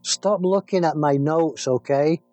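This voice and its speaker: A man with an English accent co-hosting a music podcast, chatting playfully and halting on fillers. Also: on the high side, mellow, dry recording, highs cut off. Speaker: podcast co-host. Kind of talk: casual chat about music.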